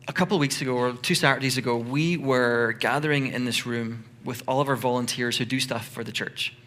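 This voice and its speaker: A male pastor delivers a loose, conversational sermon with animated storytelling, his bright, clear voice at an ordinary male pitch. He speaks a little fast with hardly any pauses, over a faint hiss or hum.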